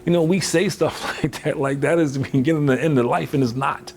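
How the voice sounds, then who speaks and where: A man's voice: on the high side, brisk, hardly any pauses, darkish tone, slight background noise. A man giving a motivational workshop talk in a conversational way, filling with "you know" and acting out quoted voices. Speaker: motivational speaker.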